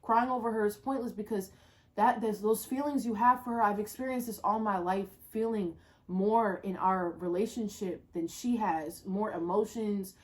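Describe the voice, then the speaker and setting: A woman telling a personal story in a casual storytime vlog, slangy and profane, swinging from low muttering to loud exclamations. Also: normal speed. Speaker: storyteller vlogger.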